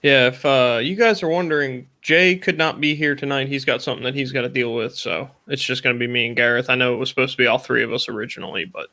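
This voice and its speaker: A man's voice: medium pitch, fairly even intonation, fast talker, hardly any pauses, bright, forceful tone. A man hosting a casual live stream, teasing his guest with dry jokes. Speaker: host.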